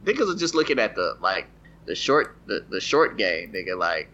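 A man's voice: deep voice, big pitch swings, normal speed, pushed and bright, slight background noise. A man joking in a casual group chat, swearing freely. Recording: dull lo-fi recording with faint ambience.

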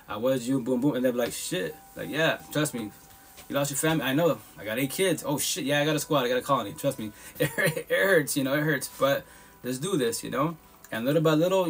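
A man's voice: medium pitch, breathy edge. A man hosting a live podcast, giving casual, heartfelt advice in a blunt, profane, repetitive and emphatic way.

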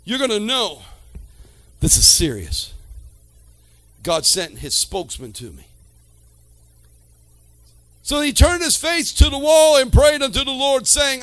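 A man preaching a sermon in a strikingly high voice. He drops to quiet, drawn-out phrases and then rises to shouts, calling out to the congregation. The sound is dry and close. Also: sing-song, no echo. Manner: calls to the congregation.

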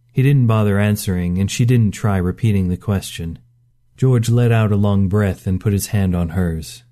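Mellow-voiced male story narrator. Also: lowish voice, moderate pace. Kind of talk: scripted narration.

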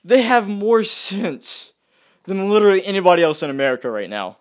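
High, animated man ranting heatedly. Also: brisk. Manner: exasperated, repeats himself, stumbles and restarts. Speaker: vlogger.

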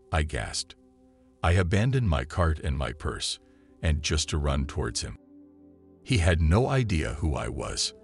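A man narrating a listener's written story in the first person, in a calm and measured reading style. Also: rumbling low, creaky. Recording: soft music behind the voice.

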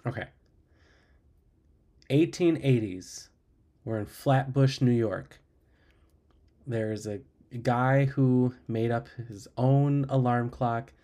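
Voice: medium pitch, slow, long pauses, mellow. A podcast co-host telling stories in casual chat, laid-back and laughing at the punchlines.

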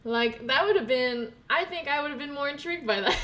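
A woman's voice: fairly high pitch, fairly quick, few pauses, a bit bright. A young woman co-hosting a casual chat, rambling and giggly, often breaking off mid-sentence. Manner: rambling, self-interrupting, giggly. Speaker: podcast co-host.

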